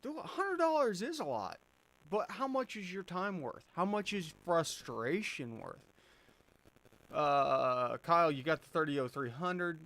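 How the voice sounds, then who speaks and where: This stream host has a slightly high, sing-song, fairly bright voice and an unhurried delivery. He answers chat questions casually, with many fillers and restarts.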